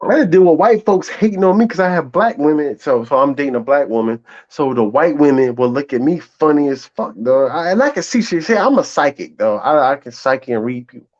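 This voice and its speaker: A man's voice: a little high, lively intonation, a little fast, hardly any pauses, a little mellow, dull audio. A man with a Southern American accent, talking boastfully and profanely on a live stream panel, laughing often. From Southern United States. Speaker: panel caller. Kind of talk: casual live stream chat.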